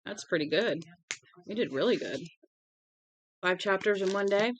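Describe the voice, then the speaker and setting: A woman's voice: medium pitch, animated, moderate pace, slight background noise. A woman hosting a read-aloud livestream, tired and yawning, chatting to viewers in a rambling, friendly way with many filler ums. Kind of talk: casual livestream chat after book reading.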